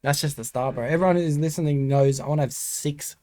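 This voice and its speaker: A man's voice: fairly high pitch, a little fast, mellow. An Australian man hosting a podcast in casual chat. He is brash, laughs often and keeps calling his guest bro. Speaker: podcast host.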